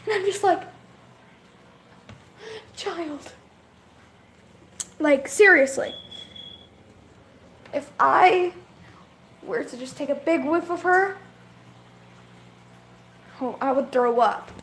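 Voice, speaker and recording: A woman's voice: high voice, animated, slow pace, pauses often, fairly bright tone, a little hiss or hum. A young woman chatting casually in a vlog, rambling about her pets and stopping to coo at them. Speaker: vlogger.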